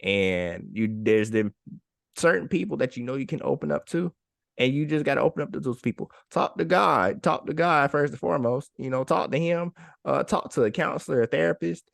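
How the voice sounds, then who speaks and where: A man's voice: a little high, brisk, gravelly, dry recording, studio quality. A man co-hosting a podcast, speaking in an encouraging way and repeating phrases for emphasis. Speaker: podcast co-host. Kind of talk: casual heartfelt chat.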